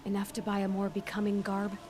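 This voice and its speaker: An actress playing a blunt young huntress. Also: female voice, mid-range voice, monotone, brisk, noisy background, natural voice. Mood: dry. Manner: blunt, dry. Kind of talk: video game voice acting. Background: game music.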